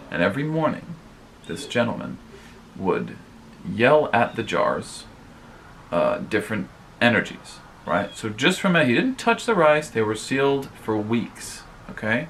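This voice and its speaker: A man's voice: mid-range voice, gravelly, a bit bright, a little hiss or hum. Rambling casual male vlogger. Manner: rambling, filler-heavy, addresses viewers directly. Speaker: vlogger host. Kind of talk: casual advice vlog.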